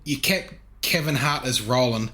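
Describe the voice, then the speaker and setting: Laid-back guy on a podcast, bright forceful voice, casual movie talk. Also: medium pitch, moderate pace. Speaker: podcast co-host.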